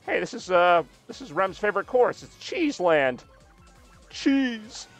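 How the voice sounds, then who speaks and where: A man's voice: sits high, sing-song, normal speed, a bit bright, soft background music. A man streaming a racing game, chatting casually with a rambling, self-deprecating, joking manner. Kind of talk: casual live-stream chat while playing.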